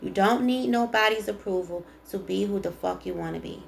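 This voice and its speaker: Gravelly-voiced woman doing a tarot reading. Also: medium pitch, fairly quick, a little hiss or hum. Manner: chatty, emphatic, encouraging, reads aloud and repeats. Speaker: tarot reader. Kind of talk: casual spiritual card reading.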